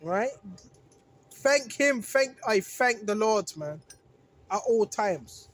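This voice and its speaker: This is a casual sermon from a religious video maker with an animated, mid-range voice who takes things slowly. They lean on repetition for emphasis, restart and fix their phrasing as they go, and frequently check in with "right?"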